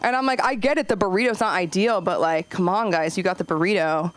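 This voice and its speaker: A woman doing a stand-up comedy set, chatty and rambling, jumping her voice up high whenever she acts out a quote. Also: quick pace. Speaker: stand-up comic and open mic host. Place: comedy club stage.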